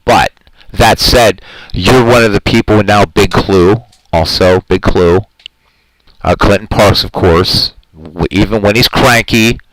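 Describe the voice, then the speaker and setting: A man's voice: on the low side, slow pace, a bit bright, dry recording, poor audio. A man hosting a live stream in casual chat, talking in an earnest, rambling, heartfelt way and answering his viewers' comments.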